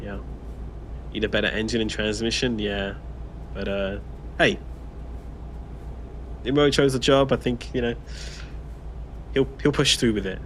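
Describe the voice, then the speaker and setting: A man's voice: on the low side, steady tone, a little slow, pauses often, a bit bright, slight background noise. A man co-hosting a casual gameplay livestream, chatting, laughing often and reading out viewer comments. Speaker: stream co-host.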